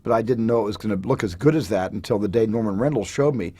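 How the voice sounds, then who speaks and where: Brief: male director, lowish voice, relaxed anecdotal interview. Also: quick pace, slight background noise. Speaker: film director. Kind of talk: reflective interview.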